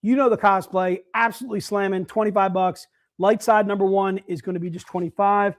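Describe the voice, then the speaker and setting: A man's voice: high voice, steady tone, brisk. A man hosting a live sales stream, chatting casually and upbeat, calling everyone "dude.". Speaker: livestream sales host.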